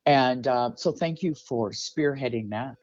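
A man's voice: mid-range voice, a little slow, darkish tone, no room sound. A man hosting an interview in a casual, rambling way, full of fillers and restarts. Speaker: interview host. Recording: dull, dry lo-fi audio.

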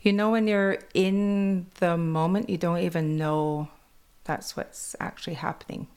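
Woman, Kwakwala-influenced English accent, lower voice, animated storyteller, casual interview. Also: measured pace, clean tone. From British Columbia, Canada. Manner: chatty, animated, quotes others in put-on voices.

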